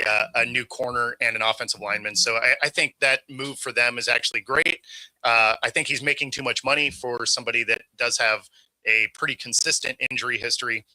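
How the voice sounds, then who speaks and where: Co-host, male, very bright and sharp tone, stammering restarts, dry close sound. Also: mid-range voice, no echo, poor audio. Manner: quick agreeing, stammered restarts. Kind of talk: casual sports talk.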